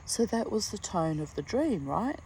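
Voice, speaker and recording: A woman's voice: mid-range voice, very animated, normal speed, a little mellow, a little hiss or hum, poor audio. An older woman in a casual vlog, telling a story bluntly and with lots of swearing, speaking outdoors in a garden. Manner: blunt, profane, emphatic storytelling. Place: outdoors in a garden under a tree.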